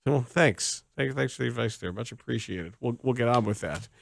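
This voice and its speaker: A man hosting sports talk radio, joking around and sometimes rising to shouts of disbelief. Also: mid-range voice, brisk, vocal fry, no echo.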